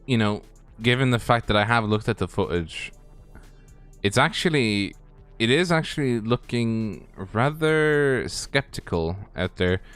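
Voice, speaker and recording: Smooth-voiced laid-back male co-commentator. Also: medium pitch, expressive, fairly bright tone, soft background music. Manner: laid-back, teasing, halting. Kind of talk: casual commentary chat.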